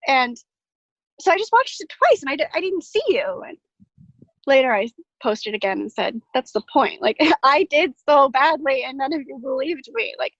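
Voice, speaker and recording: A woman's voice: high voice, a bit bright, no echo, lo-fi sound. A woman telling a personal story in a casual, self-deprecating way, with lots of "like" fillers, over a video call from her greenhouse. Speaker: storyteller guest.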